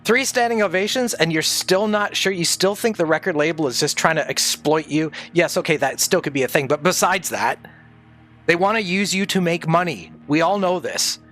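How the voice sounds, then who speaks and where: A man with a high-ish, bright, forceful voice tells stories from his past on a livestream. He talks casually and swears a lot, laughing along as he goes. Soft music plays quietly behind him. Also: moderate pace. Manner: profane, animated, laughs often. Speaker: livestreamer recalling his audio engineering days.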